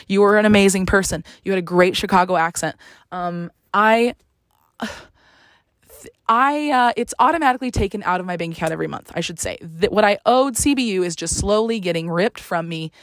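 A woman's voice: mid-range voice, no room sound. Exasperated young woman ranting. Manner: animated, sarcastic, exasperated. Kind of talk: casual storytelling rant.

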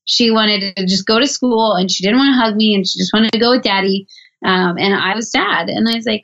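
Gravelly-voiced chatty mom, lo-fi sound. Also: female voice, mid-range voice, a little fast, fairly bright tone. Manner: chatty, earnest, many "like" fillers. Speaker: mother on a parenting podcast. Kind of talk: casual podcast conversation. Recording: dull lo-fi sound.

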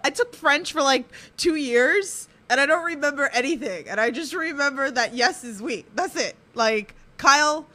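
A woman's voice: sits high, moderate pace, few pauses, bright, forceful tone. A woman hosting a casual podcast, giggling often and reading out questions from the chat. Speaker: podcast host.

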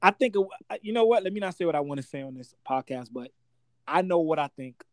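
A man's voice: fairly high pitch, fairly quick, no echo, clean studio sound. A man co-hosting a podcast, telling stories in casual chat and acting out quotes. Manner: animated storyteller, acts out quotes. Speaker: podcast co-host.

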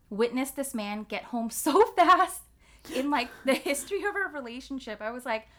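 A woman's voice: high voice, lively intonation, normal speed, a bit bright. A woman in casual chat, telling a personal story candidly and with lots of swearing and "like" fillers. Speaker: guest telling her story.

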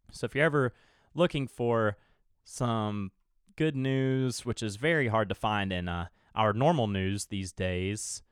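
A man's voice: medium pitch, smooth, no echo, studio quality. A young man hosting his own podcast alone, rambling casually, swearing freely and chuckling now and then. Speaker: podcast host. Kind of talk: casual solo podcast chat.

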